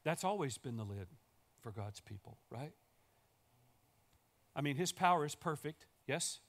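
A male pastor preaches a sermon in a church sanctuary, his fairly high voice pressing each point with emphatic repetition. He builds steadily toward rallying calls to the congregation. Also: expressive, unhurried.

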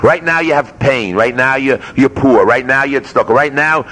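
With a bright, forceful, medium-pitched voice, a rabbi delivers a Torah lecture in a yeshiva study hall at a moderate pace with hardly any pauses. He's emphatic, throws out rhetorical questions, and blends Hebrew words into his English.

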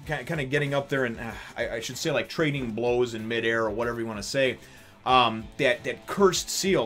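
A man in his thirties, casually reviewing a manga chapter, rambling and animated, with lots of fillers and some swearing. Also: lowish voice.

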